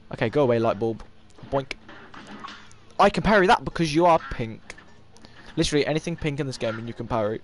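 A sixteen-year-old boy streaming a game, excitable and swearing, shouting at the game. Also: mid-range voice, a little fast, pauses often, faint music behind. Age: teens. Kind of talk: live gameplay commentary.

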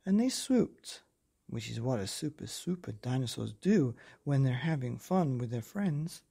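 A man reading a children's picture book aloud as a bedtime story host, gentle and expressive, with whispers and sound effects. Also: medium pitch, gravelly, husky.

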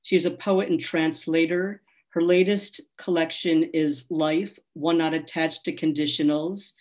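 Woman hosting a poetry event, introduces the reader, talks slowly. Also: deep voice, fairly even intonation, darkish tone. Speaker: event host.

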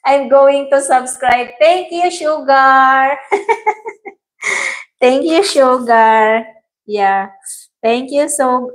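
Slow-talking woman hosting a live stream. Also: fairly high pitch, poor audio. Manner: chatty, thanks viewers by name, laughs often. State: strained throat. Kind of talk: casual live-stream chat, reading viewer comments aloud.

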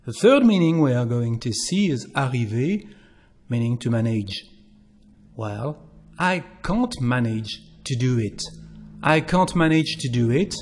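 A man's voice: medium pitch, lively intonation, a little slow, a little mellow. A man with a French accent, a native French speaker, teaching a language lesson and patiently repeating example phrases.

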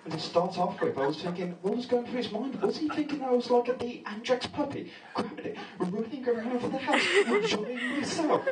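A man's voice: very high-pitched, lively intonation, a little fast, few pauses, over a noisy crowd. A young man from England doing a stand-up comedy set in a pub, nervous and rambling, often laughing at his own jokes. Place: pub function room with a live audience. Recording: distant echoey pub room recording.

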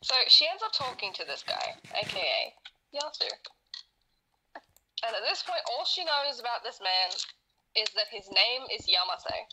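Woman rambling thru her story, swears constantly, really bright voice, bit of hiss behind. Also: a little high, big pitch swings, normal speed, low-quality recording. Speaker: podcast co-host explaining her story series. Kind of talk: casual chat while gaming.

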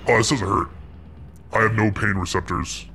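A young man playing a laid-back slacker God, joking deadpan and rambling while gaming. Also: fairly low pitch, normal speed, creaky, a little hiss or hum. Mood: casual. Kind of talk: improvised comedy while gaming.

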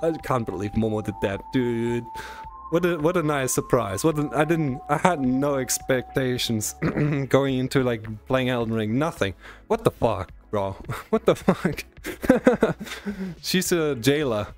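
A man with a German accent chats loosely on a live stream, teasing his audience and tripping over his words as he restarts phrases. His voice sits at an ordinary pitch and sounds slightly worn, with faint music playing underneath. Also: lively intonation, unhurried. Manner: rambling, teasing, stammering, laughing often. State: strained voice. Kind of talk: casual live-stream chat.

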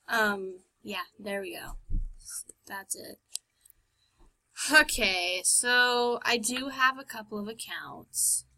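A woman's voice: a little high, bright, forceful tone, rough recording. A woman giving casual gameplay commentary, chatty and self-mocking, often muttering and whispering to herself. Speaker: game let's-player.

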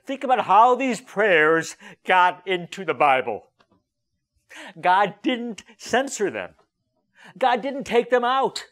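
Guy giving a sermon, high voice, really lively, lots of uhs and restarts. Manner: lively, emphatic preaching with frequent fillers and restarts. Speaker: rabbi preaching a sermon.

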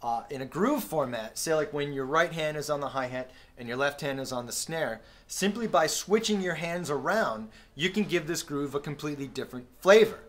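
A man with a slightly raised voice teaches drum patterns in a friendly, easygoing way. He fills the gaps with small "uh"s and sings the drum beats out loud. He is recorded on a camera mic in a practice room with a drum kit. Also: on the high side, normal speed, hardly any pauses. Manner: relaxed, friendly explaining with fillers and sung drum sounds. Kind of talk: casual instructional talk. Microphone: camera-mounted recorder.

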